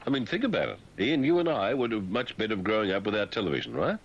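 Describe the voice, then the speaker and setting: A man's voice: lowish voice, big pitch swings, fast talker, highs cut off. A man hosting a radio show with satirical commentary, mocking the news and slipping into silly voices. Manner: mocking, puts on silly voices mid-sentence. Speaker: radio host.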